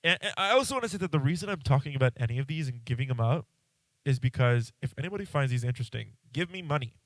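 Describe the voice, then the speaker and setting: A man's voice: medium pitch, expressive, fast talker, fairly bright tone, dry recording. A congested man hosting a podcast, chatting casually and rambling, cutting himself off and swearing now and then. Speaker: podcast host. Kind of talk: casual solo podcast chat.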